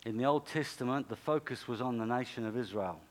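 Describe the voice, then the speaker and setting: A man's voice: medium pitch, brisk. A male pastor preaching a sermon in an emphatic, repetitive way, punctuated by sudden exclamations.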